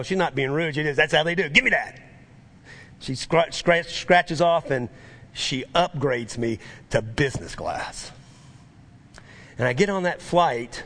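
A middle-aged man preaching a sermon, telling a travel story with quoted voices and building to fervent, lively preaching. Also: fairly high pitch. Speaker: pastor.

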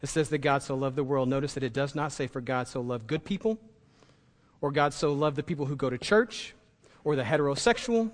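A man's voice: medium pitch, brisk, long reverb tail. A man preaching a sermon as pastor, impassioned and building to emphatic peaks.

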